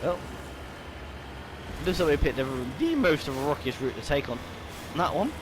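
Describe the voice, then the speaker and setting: A man's voice: a little high, sing-song, measured pace, noisy background. A man casually commenting on his own game playthrough, chatty and rambling, bothered by hiccups as he talks. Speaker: gaming YouTuber. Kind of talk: casual let's-play commentary.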